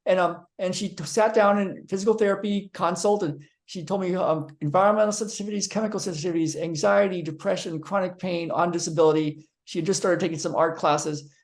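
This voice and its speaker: Male therapist telling a personal story on camera, lively and rambling. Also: high voice, fairly quick, few pauses. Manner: animated storyteller, acting out quotes; frequent ums and restarts. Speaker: physical therapist. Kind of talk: storytelling monologue to viewers.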